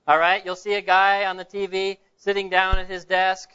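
A male pastor delivering a sermon in a church. He tells stories and puts rhetorical questions to the congregation in a high, bright, smooth voice. The recording is dull and lo-fi. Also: completely flat delivery, normal speed.

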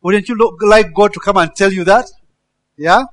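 A man preaching with a high, lively voice. He reads the verses, then shouts the commands in them at full force and laughs along with his listeners. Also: normal speed, no echo. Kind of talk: sermon.

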